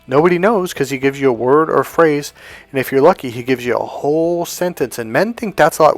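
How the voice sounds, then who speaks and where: Faint music plays behind a middle-aged dating coach speaking to camera at normal speed and medium pitch. He's blunt and emphatic in his coaching, with free swearing and phrases repeated for stress.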